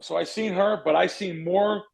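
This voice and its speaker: Gravelly, rambling male podcast host. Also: high-pitched, normal speed, low-quality recording. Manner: rambling, self-correcting, animated. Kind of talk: casual storytelling.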